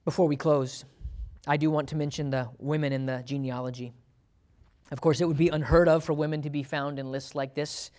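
A man's voice: fairly high pitch, steady tone, brisk, a little mellow. A man teaching a Bible sermon in a conversational way, laughing often and acting out quotes with a lifted voice. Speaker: preacher.

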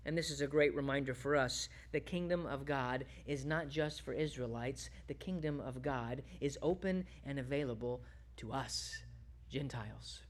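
A pastor preaching a sermon in an animated way, asking the congregation rhetorical questions and dropping low and soft when reading scripture. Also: normal speed.

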